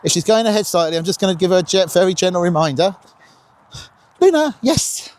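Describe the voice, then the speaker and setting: A dog trainer with a high voice talks very fast while coaching owners on a walk along an outdoor path. He's instructive and encouraging, offering lively, sing-song praise.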